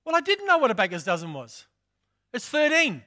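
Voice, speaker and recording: An older man from England delivering a sermon in a strikingly high voice with a bright, ringing tone. He builds his points by repeating key phrases and drifts easily into personal stories. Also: wildly swooping pitch, fairly quick. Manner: storytelling, repeats phrases for emphasis. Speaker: preacher.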